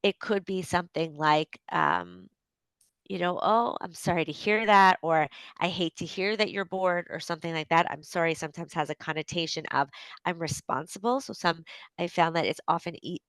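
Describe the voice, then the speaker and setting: A woman with a Canadian accent hosting a solo advice podcast, talking conversationally with frequent fillers and a gentle, reflective manner. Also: sits low, expressive, normal speed, no echo. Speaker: podcast host and coach.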